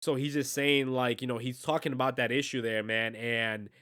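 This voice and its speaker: A man's voice: medium pitch, level tone, moderate pace, a bit bright. Earnest, slangy man reacting to a song. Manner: slangy, earnest, keeps saying "bro" and "man"; heartfelt, emotionally moved. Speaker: reaction video host. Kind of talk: casual reaction commentary.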